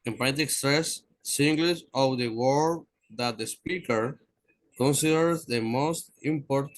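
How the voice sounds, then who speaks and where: A male student, reading aloud haltingly in an online English class and repeating the teacher's corrections. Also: mid-range voice, no echo. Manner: halting, stumbles over words and repeats corrections. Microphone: video call.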